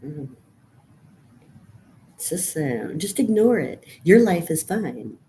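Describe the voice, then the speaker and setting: Low-voiced woman on a profane rant. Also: sing-song, slow, slight background noise. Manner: raw, profane, venting rant; swings from quiet and low to loud outbursts. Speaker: vlogger. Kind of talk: personal monologue to camera.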